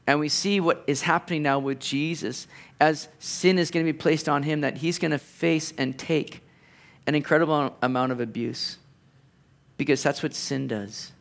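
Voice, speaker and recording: A man's voice: fairly high pitch, fairly even intonation, moderate pace, gravelly. A man preaching a sermon in an earnest, conversational way, with playful asides to the congregation. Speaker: pastor.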